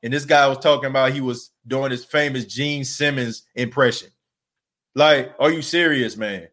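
A man with a medium-pitched, fairly bright voice talks at a moderate pace. Hosting a sports podcast solo, he rants with fired-up emphasis, throwing out rhetorical questions again and again and using casual slang. He's worn out after working an overnight shift.

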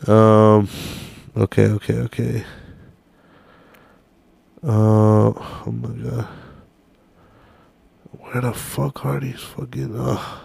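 A man's voice: mid-range voice, steady tone, takes it slowly, creaky, long pauses, darkish tone, breathy edge, no echo. A young man hosting a podcast, ranting casually and profanely while hunting for a video on his phone. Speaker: podcast host.

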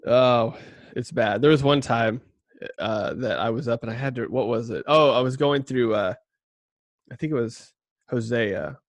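A man's voice: mid-range voice, a little slow, no echo. A man hosting a casual podcast, a former youth pastor who rambles with many fillers, jokes at himself and reads scripture aloud on a cheap mic. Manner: rambling, self-deprecating, many fillers and laughs. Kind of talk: casual chat and scripture reading. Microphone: cheap budget mic.

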